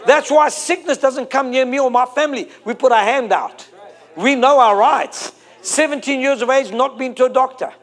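High-voiced preacher, emphatic. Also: male voice, moderate pace, a bit bright. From South Africa. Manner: emphatic, repeating phrases and drawing out key words. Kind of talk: sermon.

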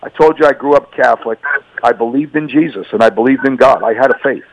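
Gravelly man giving earnest testimony. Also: mid-range voice, fairly even intonation, quick pace, no room sound, low-quality recording. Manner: earnest, emphatic, repeats words. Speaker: radio guest. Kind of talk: personal testimony.

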